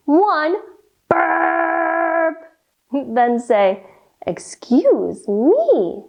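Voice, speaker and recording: In a high, somewhat dark voice, a woman leads a kids' yoga lesson, sing-songing playfully and working in animal noises and a nursery rhyme.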